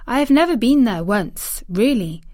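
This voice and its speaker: A woman voicing a stubborn, outspoken young girl in a storybook reading, pitching her voice up to sound insistent. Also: animated, moderate pace, darkish tone, no room sound, studio quality, close to an everyday voice.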